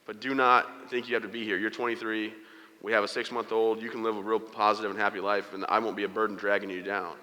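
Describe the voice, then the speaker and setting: A man's voice: fairly low pitch, level tone, quick pace, pushed and bright. A man giving a motivational speech, telling his story with humor and acting out the voices of the people in it. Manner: storytelling with humor, quoting others in character. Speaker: motivational speaker. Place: large hall before an audience. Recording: reverberant hall.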